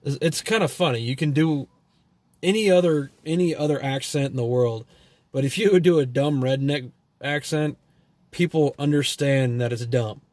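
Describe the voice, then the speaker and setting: A man's voice: mid-range voice, moderate pace, a little mellow, no echo. A man from Texas with a Texan accent, telling loose, profane stories full of fillers and trailing thoughts. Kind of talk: rambling storytelling monologue.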